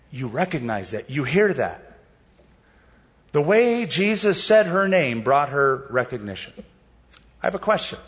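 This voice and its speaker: A male preacher with a slightly high-pitched voice, delivering a sermon in a relaxed, explanatory manner full of rhetorical questions. The recording is dull and muffled. His words ring out with a long hall echo. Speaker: pastor.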